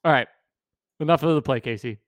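A man's voice: a little high, a little fast, no room sound. A man co-hosting a casual sports podcast, goofy and playful, pushing silly bits on his co-host.

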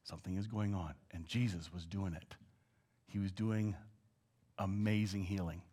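A man preaching a sermon, moving between hushed asides and loud, acted-out shouts. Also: sits low, fairly even intonation, moderate pace, breathy edge.

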